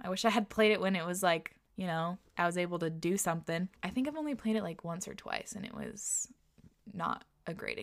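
Woman podcast host, animated, laughs a lot, casual swearing, reads stories aloud. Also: medium pitch. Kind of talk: casual chat and reading aloud.

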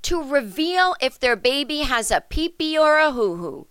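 A woman's voice: high voice, sing-song, moderate pace, fairly bright tone, no echo, studio quality. A woman hosting a comedic podcast, ranting in a sarcastic, indignant and profane way. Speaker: podcast host. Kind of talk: comedic rant monologue.

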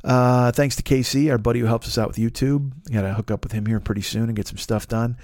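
A man's voice: medium pitch, steady tone, fast talker, darkish tone, no room sound, studio quality. A man hosting a podcast, delivering an angry, profane comedic rant and mocking the people he talks about. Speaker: podcast host.

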